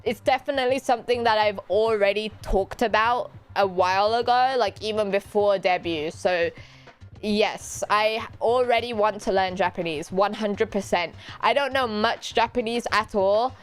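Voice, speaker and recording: A woman with a British accent, a VTuber streamer chatting casually with her viewers and answering their questions, giggly, animated and teasing. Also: mid-range voice, a little slow, clean tone, faint music behind.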